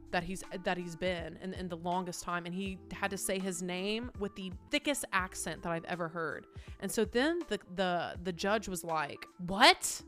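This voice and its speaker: A woman streamer telling a story in casual, animated speech, acting out quotes and swearing freely. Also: lowish voice.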